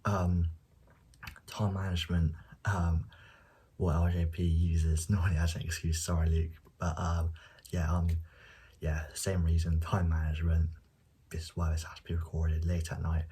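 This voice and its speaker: Young man, deep voice, very husky and breathy, hushed late-night talk, no real mic, casual football predictions. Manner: speaks quietly, at times near a whisper. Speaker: football vlogger. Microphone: no dedicated microphone.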